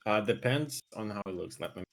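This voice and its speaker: A man's voice: on the low side, lively intonation, fairly quick. A man chatting casually on a stream, hesitant, with many restarts and some swearing. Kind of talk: casual chat.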